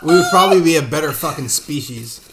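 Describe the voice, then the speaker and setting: A man's voice: fairly high pitch, animated, fast, creaky, a bit bright, slight background noise. A man co-hosting a podcast in casual chat, giving short, dry, blunt comebacks. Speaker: podcast co-host.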